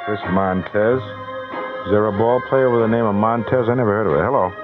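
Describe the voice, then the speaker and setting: A man's voice: lowish voice, music in the background. Wisecracking radio DJ man, tinny broadcast. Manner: brisk, wisecracking, repeats "hello?" to callers. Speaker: radio DJ running a call-in contest. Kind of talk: live radio call-in banter.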